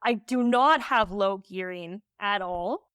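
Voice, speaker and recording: A woman guest on a podcast telling a story candidly, animated and full of "like" fillers. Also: medium pitch, takes it slowly, smooth, no room sound, studio quality. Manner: emotional when recalling.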